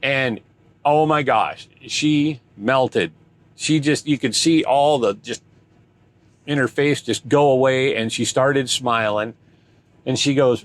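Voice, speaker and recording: A man's voice: mid-range voice, normal speed, a bit bright. An older man, a truck driver, telling a story in casual chat, rambling and chatty with restarts.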